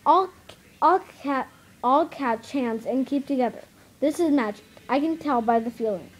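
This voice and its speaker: A woman's voice: high-pitched, moderate pace, poor audio. A woman reading the part of a schoolboy who is breathless and alarmed, stumbling over words. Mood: urgent. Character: schoolboy Edmund, alarmed and bossy.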